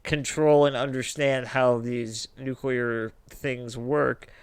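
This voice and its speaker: A man's voice: medium pitch, level tone, slow, clear, resonant tone, no echo. A man co-hosting a casual podcast, joking and rambling with playful comparisons. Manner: jokey, rambling, playful analogies. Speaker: podcast co-host.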